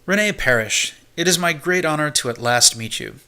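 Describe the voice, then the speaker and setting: Courteous old English gentleman, formal and pleasant, bright tone; read by a man. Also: fairly high pitch, animated, normal speed, smooth, full character voice. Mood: reassuring. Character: polite old English gentleman guide, male. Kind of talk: audiobook character reading.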